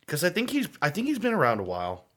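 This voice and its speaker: A man's voice: fairly high pitch, huge pitch swings, fast, a bit bright, slight background noise. A man co-hosting a podcast, chatting casually and rambling with lots of fillers and laughter. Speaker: podcast co-host. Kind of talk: casual chat.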